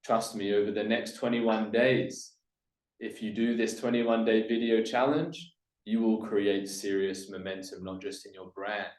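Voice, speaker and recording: A man's voice: fairly low pitch, steady tone, unhurried, darkish tone, echoey room, poor audio. A man giving a coaching presentation to camera, pushing his points hard and swinging his voice up and down for emphasis. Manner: emphatic, demonstrates upward and downward inflection, drops voice on key points. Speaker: business coach.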